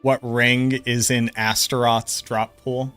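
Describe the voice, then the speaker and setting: A man's voice: mid-range voice, level tone, takes it slowly, fairly bright tone, smooth, soft background music. A man streaming a game, chatting casually with viewers and riffing on their comments with jokes and swearing. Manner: joking, profane, riffs on chat comments.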